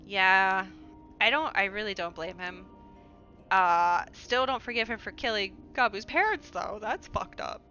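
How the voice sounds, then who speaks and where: A woman's voice: medium pitch, unhurried, pushed and bright, dull audio, faint music behind. Chatty young woman streamer. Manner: chatty, giggly, exclamatory. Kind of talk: casual gameplay commentary.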